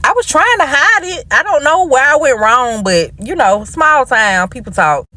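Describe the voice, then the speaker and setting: A woman's voice: high voice, big pitch swings, moderate pace, bright, forceful tone. A young woman telling a personal story in a frank, breezy, slangy way. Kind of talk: casual storytime.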